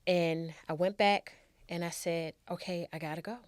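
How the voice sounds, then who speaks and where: A woman's voice: fairly low pitch, fairly even intonation, moderate pace, smooth, dry recording. A middle-aged woman, a show's guest, candidly telling her own life story in a heartfelt way.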